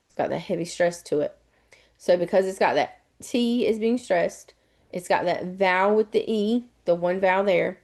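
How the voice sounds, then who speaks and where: A woman's voice: lowish voice, a little mellow. A middle-aged woman teaching a live online lesson on spelling rules, explaining patiently and spelling words out letter by letter.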